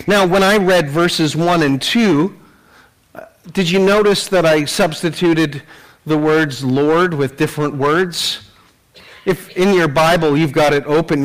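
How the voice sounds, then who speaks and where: A man's voice: high-pitched, a bit bright, low-quality recording. A man preaching a sermon, earnest, voicing the psalmist's cry with rising intensity, with some restarts. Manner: occasional restarts and throat clearing. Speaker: pastor.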